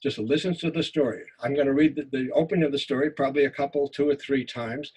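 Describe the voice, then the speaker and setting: Husky-voiced man reading his story. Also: medium pitch, fast. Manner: expressive reading, repeats words in tense moments. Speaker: writing teacher. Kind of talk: lecture and reading a memoir story aloud.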